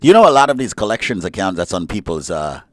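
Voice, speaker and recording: Expressive male radio co-host, dry sound. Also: sits low, fast, dry recording. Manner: playful, laughing, chimes in. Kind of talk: casual radio banter.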